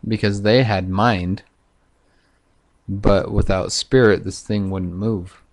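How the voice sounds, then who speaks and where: A man talking in a loose, profane, halting monologue full of fillers, vlogging to camera. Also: fairly low pitch, fairly even intonation. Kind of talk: casual rambling monologue.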